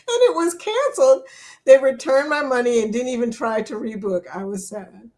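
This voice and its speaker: A woman's voice: high-pitched, animated, normal speed, long pauses, a little mellow. A woman hosting a casual live-stream chat, reading viewer comments aloud, chatty and laughing often. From England.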